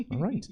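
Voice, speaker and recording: A man's voice: high voice, dark tone. A man hosting a live comedy show, loose and wry, laughing often between remarks.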